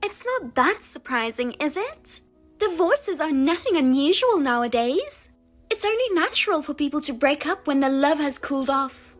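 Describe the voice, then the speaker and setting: A woman's voice: high voice, very animated, normal speed, soft background music. Woman doing a smug, taunting younger sister. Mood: gloating. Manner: taunting, mocking, sing-song.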